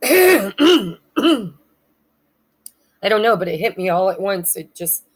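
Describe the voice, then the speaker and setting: A woman giving a pick-a-pile tarot reading with a hoarse throat she keeps clearing, talking in a halting way, spelling out names and losing her place. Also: mid-range voice, very animated, poor audio. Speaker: tarot reader.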